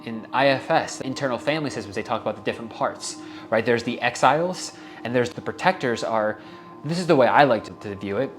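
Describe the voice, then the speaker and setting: A young man talks through self-help ideas in a heartfelt, casual way, swearing now and then and letting his feelings show. His voice sits at an ordinary middle pitch. Soft music plays faintly behind him. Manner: earnest, casual, swears freely, gets emotional. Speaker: wellness podcast host.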